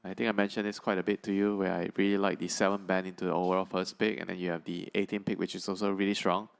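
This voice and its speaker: Deep gravelly man analysing esports. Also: little pitch movement. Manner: measured, thinking aloud with fillers.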